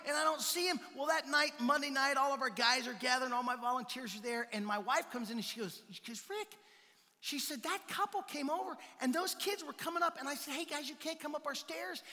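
Male pastor, sermon, animated storytelling, loud to hushed, echoing hall. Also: extremely high pitch.

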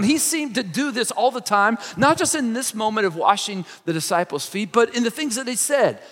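Male pastor, expressive sermon delivery, reverberant sanctuary sound. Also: sits high. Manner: expressive preaching, acts out quoted lines.

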